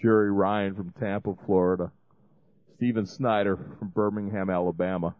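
A man's voice: fairly low pitch, flat delivery, normal speed, no room sound. A man hosting a ministry show, making a rambling fundraising appeal full of restarts and fillers. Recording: dry, phone-like lo-fi sound.

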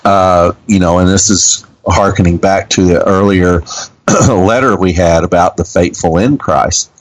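Deep voiced guy teaching bible stuff real slow, lots of uhs. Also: poor audio. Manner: slow, earnest teaching with many uh fillers. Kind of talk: radio Bible Q&A talk.

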